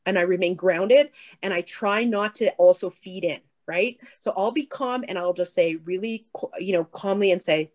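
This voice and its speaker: A woman answering a question as a keynote speaker, earnest and firm, with a lively, animated way of talking. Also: fairly low pitch, moderate pace. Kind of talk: conversational answer on stage.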